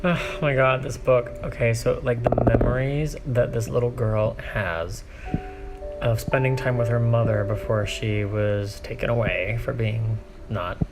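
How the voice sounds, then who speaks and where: Gravelly guy chatting away about books on his porch, music going behind him. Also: mid-range voice, fairly even intonation, a little slow. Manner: chatty and gushing, drops to soft asides. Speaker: book vlogger. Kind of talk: casual vlog chat. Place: back porch outdoors at home.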